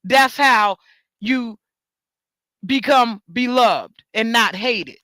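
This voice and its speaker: A woman rants straight into the mic in a high, bright voice. She swears freely and repeats words for emphasis, and the dry recording has no room sound. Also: very slow, no room sound. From New York. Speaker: talk show host. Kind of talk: ranting monologue.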